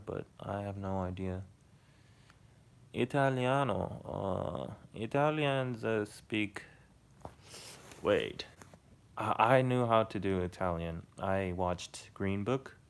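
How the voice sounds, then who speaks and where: A man chats to his live-stream audience in a slow, unhurried drawl. His low voice has a gravelly fry running through it. He rambles and hesitates, and drops the odd casual swear. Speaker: live streamer reading chat.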